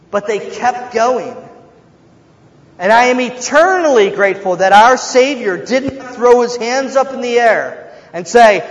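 A man preaching a sermon as a pastor, earnest, moving between hushed tones and loud emphasis. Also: high-pitched, expressive, slow pace. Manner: earnest, shifts from hushed to shouting. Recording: echoey hall, dull and slightly noisy.

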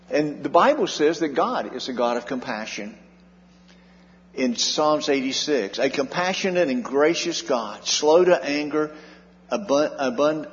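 A man preaching a sermon as pastor, earnest, with his voice rising and falling in volume for emphasis. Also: mid-range voice. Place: church sanctuary. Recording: dull sound in a long-reverb hall.

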